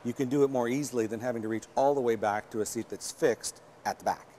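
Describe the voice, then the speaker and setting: A man's voice: medium pitch, fast talker, warm tone, slight background noise. Dry-witted Canadian man on a car show. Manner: practical, dry quips. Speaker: car review co-host. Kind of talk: casual banter reviewing a vehicle.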